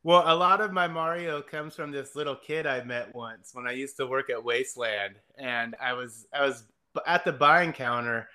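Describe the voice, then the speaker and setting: A man of middle pitch chats as a podcast guest. He tells loose, meandering stories and swears freely. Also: steady tone, moderate pace, few pauses, pushed and bright. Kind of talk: casual chat.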